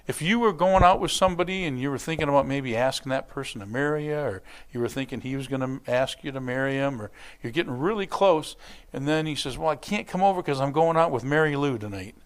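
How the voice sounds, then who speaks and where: A man preaching as a church pastor, in a conversational, animated manner, acting out little quotes and scenes as he explains scripture. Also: a little high. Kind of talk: sermon.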